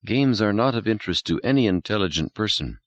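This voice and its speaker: A man voicing a cold, vengeful alien intelligence that speaks slowly, stiffly and formally. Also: on the low side, lively intonation, no echo, muffled recording, voice pushed up, close to an everyday voice. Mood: stubborn. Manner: slow, stiff, formal and menacing.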